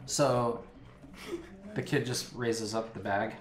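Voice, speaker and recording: A man acting as game master, narrating a tabletop game in a lively, laughing way. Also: medium pitch, slow, roomy sound. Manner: animated, laughing storytelling.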